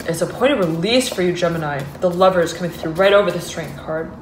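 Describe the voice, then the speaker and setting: A woman's voice: on the low side, fast talker, hardly any pauses, a little hiss or hum. Rambling woman tarot reader in an echoey room. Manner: rambling, hesitant, full of fillers and restarts; laughs often and gets giddy. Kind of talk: intuitive tarot reading.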